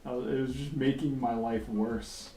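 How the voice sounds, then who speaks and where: A man's voice: medium pitch, steady tone, normal speed, dark tone, slight background noise. A man chatting casually while drawing on a livestream, rambling, swearing freely and laughing often. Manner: laid-back, rambling, profane, laughs often. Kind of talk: casual chat. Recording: roomy echo, faint music behind.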